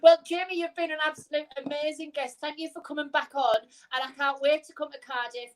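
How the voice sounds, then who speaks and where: A woman's voice: sits high, fairly even intonation, fast, rough recording. A British woman co-hosting a casual live stream over a video call, cheeky and bubbly, laughing often. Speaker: co-host.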